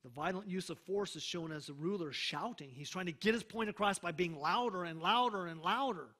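A man with a high-pitched, sharp-toned voice preaches a sermon as pastor, speaking emphatically, slowing down for scripture readings, and checking in with the congregation.

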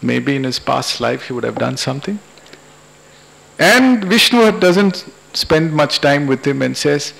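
A man's voice: a little high, lively intonation, gravelly, fairly bright tone. A man, lecturing and telling an anecdote at a public talk in a convention hall. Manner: unhurried, anecdotal storytelling.

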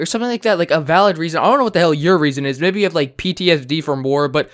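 A man's voice: fairly high pitch, very fast, hardly any pauses, a bit bright. A teenage guy doing sarcastic, casual reaction commentary, swearing freely. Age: teens. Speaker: YouTube commentator.

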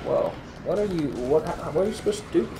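A young man trading crude jokes with friends while they play a game, his voice sitting a little high. Soft background noise hums under the talk. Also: fast, gravelly. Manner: joking, crude quips, talks over others. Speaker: let's play commentator. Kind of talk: casual gameplay banter.

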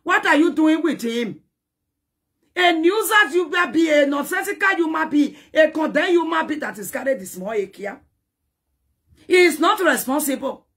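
A woman's voice: high voice, expressive, normal speed, a bit bright. A woman ranting in a dramatic, scolding social media commentary, taunting and repeating herself.

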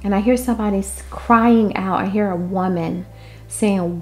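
Slow, impassioned woman delivering a prophetic word. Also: medium pitch, soft background music. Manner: impassioned, relays divine quotes, swings between loud declarations and hushed asides. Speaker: prophetic minister.

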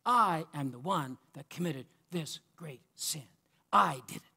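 A man preaching a sermon, passionate, swinging between loud cries and quiet asides. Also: on the high side, expressive, unhurried, creaky, husky.

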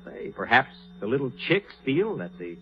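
A man's voice: mid-range voice, big pitch swings, moderate pace, a little hiss or hum. Flustered man in old radio comedy. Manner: vain, easily flustered, indignant. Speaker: comedian host. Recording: dull old radio recording.

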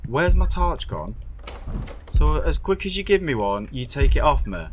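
A man's voice: fairly high pitch, big pitch swings, moderate pace, a little hiss or hum. A man commentating a horror game as he plays, jumpy and swearing, talking to himself with sudden yelps. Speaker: gaming streamer.

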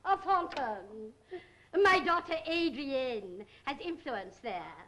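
A bossy social-climbing housewife. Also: female voice, high voice, animated, moderate pace, pushed and bright. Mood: genteel. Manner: fussy, scolding, putting on airs. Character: bossy, social-climbing London housewife, middle-aged woman. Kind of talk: 1930s film acting. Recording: hissy 1930s film soundtrack.

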